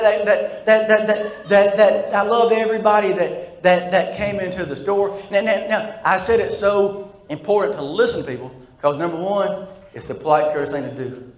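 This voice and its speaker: A man doing stand-up storytelling. He has a stutter and repeats words, and his voice sits a little high. He talks straight to the crowd in an echoey room. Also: normal speed. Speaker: stand-up comedian.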